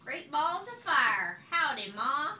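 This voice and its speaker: Woman voicing a bossy goose, drawling, loud, slow, high, echoey room. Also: sing-song, a little hiss or hum, heavily acted. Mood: cheerful. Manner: slow, loud, drawn-out cries. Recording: echoey room, far from the mic.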